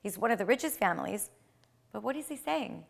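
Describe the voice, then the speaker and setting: A woman retelling a traditional tale aloud, with swings in loudness and slowed, dramatic phrases. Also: medium pitch, lively intonation, creaky. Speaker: storyteller.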